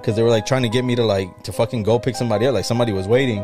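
A man telling a story in a casual podcast chat, animated and swearing, slipping into Spanish phrases. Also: mid-range voice, very fast, hardly any pauses, music in the background.

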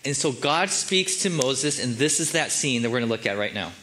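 A man's voice: medium pitch, animated, brisk, bright, forceful tone, a little hiss or hum. A man preaching a sermon as the church's pastor, in a casual, joking and conversational way.

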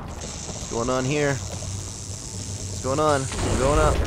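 A young man giving casual gameplay commentary as a channel host, excitable and often yelping in surprise. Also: mid-range voice, slow pace, pauses often, noisy background. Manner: excitable, exclaims and yelps often.

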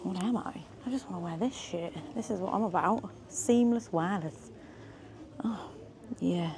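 A woman's voice: fairly low pitch, normal speed, darkish tone. A woman, chatting in a bubbly, self-mocking way as she vlogs her day. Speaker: vlogger. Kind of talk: casual vlog chat. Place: shops and office, in and out.

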